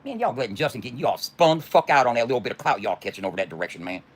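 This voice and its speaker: A man's voice: medium pitch, big pitch swings, very fast, slight background noise. A middle-aged man delivering a heated, profane, confrontational livestream rant.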